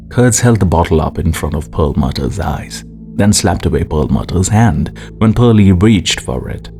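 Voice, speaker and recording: A man narrating an audiobook in a measured, expressive way. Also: sits low. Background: faint music.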